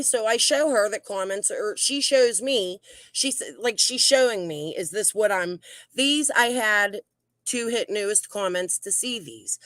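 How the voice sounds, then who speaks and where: A woman, venting in an aggravated, defensive way as she reads out old messages. She rambles, restarts her sentences and talks at a middle pitch. The recording is dry and close, with no room sound. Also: fairly bright tone, dry recording. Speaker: YouTube channel host. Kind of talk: heated commentary reading out messages.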